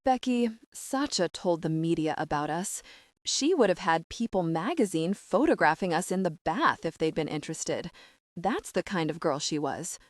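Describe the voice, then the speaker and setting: A woman reading the lines of a calm, composed businessman boyfriend in a measured, unruffled way. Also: lowish voice, no echo, studio quality, close to an everyday voice.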